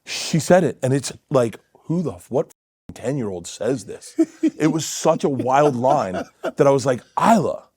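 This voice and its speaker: A middle-aged man telling stories in a casual podcast chat, laughing often and dropping to quiet mutters. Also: medium pitch, lively intonation, unhurried, husky, no echo. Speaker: comedian guest. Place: podcast studio.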